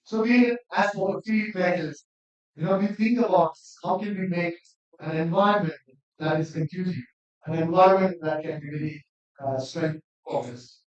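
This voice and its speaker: A man's voice: sits high, normal speed. A man, an academic lecturer, giving a conference presentation in an earnest manner that builds to emphatic appeals. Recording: distant mic in echoey hall, dull sound.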